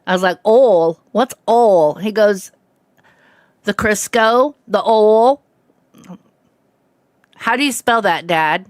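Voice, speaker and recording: A woman's voice: mid-range voice, takes it slowly, smooth, no room sound, studio quality. A woman in her fifties with a slight Southern American accent who is hard of hearing, chatting casually and rambling as she hosts a game livestream and greets viewers by name. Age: 50s. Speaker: livestream host. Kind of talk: casual chat with viewers while streaming a game.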